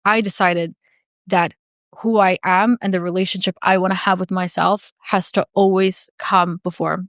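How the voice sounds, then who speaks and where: A woman's voice: lowish voice, steady tone, normal speed, no room sound, clean studio sound. A woman speaking as a podcast guest in a candid, earnest and reflective way, with frequent "like" fillers.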